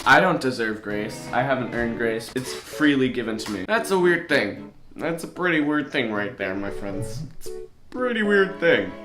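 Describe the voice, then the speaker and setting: A young man in his late teens chatting casually to camera, rambling and poking fun at himself. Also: medium pitch. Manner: rambling, self-mocking, goofy. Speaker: vlogger. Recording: echoey room with guitar music.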